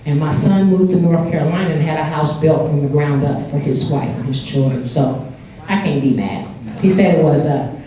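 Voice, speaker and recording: A woman's voice: low-pitched, normal speed, dark tone, slight background noise. An older woman from California telling a personal story at a live event, chatty and laughing, acting out the quotes. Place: indoor event hall with audience. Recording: echoey hall, far from mic.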